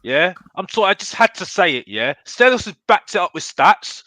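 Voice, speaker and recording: Animated man, bright voice. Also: sits high, normal speed, no room sound. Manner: animated, keeps adding "yeah?". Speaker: football podcast guest. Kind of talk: casual chat.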